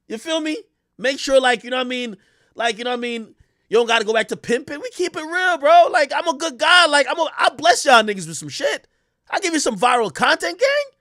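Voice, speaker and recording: A man rants on a livestream, boastful and teasing. His voice sits very high and swings up and down a great deal, and the sound is dry, as if close to the mic. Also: lively intonation, a little fast, pushed and bright, no echo. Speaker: streamer. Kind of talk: casual livestream rant.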